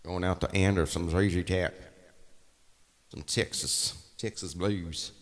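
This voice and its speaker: On a livestream between songs, a male musician rambles offhandedly and takes requests. His voice sits low with fairly even intonation and a slow pace, with long reverb, faint guitar behind him and slight background noise.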